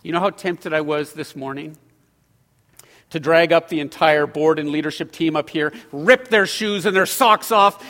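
High-voiced preaching man, hall reverb. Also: normal speed. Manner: animated, swings from loud to hushed. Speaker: pastor. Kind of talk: sermon. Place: church sanctuary.

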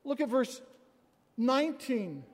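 A man preaching a sermon, quoting scripture with dramatic swings in loudness. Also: extremely high pitch, sing-song, slow, big-room sound. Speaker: pastor.

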